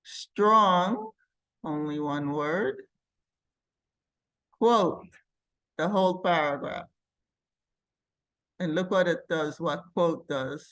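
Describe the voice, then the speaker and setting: A woman teaching a computer class, walking students through software step by step and thinking aloud as she clicks. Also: lowish voice, very slow, pauses often. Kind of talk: live classroom software demonstration.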